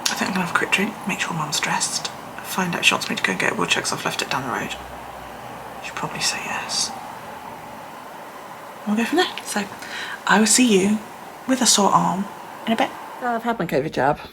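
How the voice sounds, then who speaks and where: A woman's voice: mid-range voice, very animated, fast, noisy background. A woman vlogging on her phone, rambling casually, sometimes swearing and often dropping to a near whisper. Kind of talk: casual chat. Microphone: phone held by the speaker.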